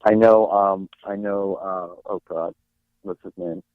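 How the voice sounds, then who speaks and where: A young man with a very low voice chats loosely as an interview guest. He rambles along, full of fillers and restarts. He comes through a tinny, dry phone line. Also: steady tone, slow pace, dry recording. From New Jersey. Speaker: guest actor. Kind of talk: casual interview chat.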